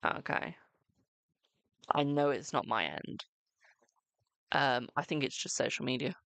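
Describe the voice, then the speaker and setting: A man's voice: medium pitch, lively intonation, unhurried, vocal fry, a bit bright, no echo. A British man chatting casually on a live stream as a tarot reader, talkative and self-mocking, swearing now and then.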